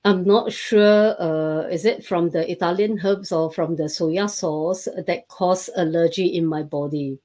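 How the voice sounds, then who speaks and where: Slow, hesitant woman host. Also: lowish voice, steady tone, mellow. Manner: hesitant, many fillers. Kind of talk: casual interview chat.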